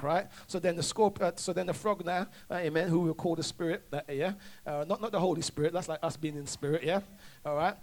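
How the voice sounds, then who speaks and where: A man's voice: fairly high pitch, fairly quick, darkish tone. A male preacher delivering a sermon, calling for responses and often restarting his sentences. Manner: call-and-response, stammering restarts.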